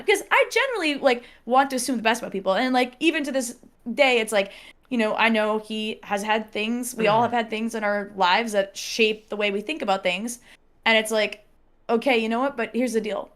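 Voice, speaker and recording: A woman telling a personal story in casual podcast chat, animated, laughing often and acting out what people said. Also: on the high side, a little fast.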